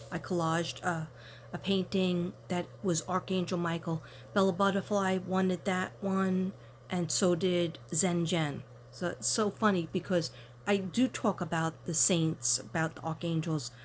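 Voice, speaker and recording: An older woman chatting casually to her viewers while unboxing gifts, excitable and quick to gasp with delight. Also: on the low side, slight background noise. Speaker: tarot reader and vlogger.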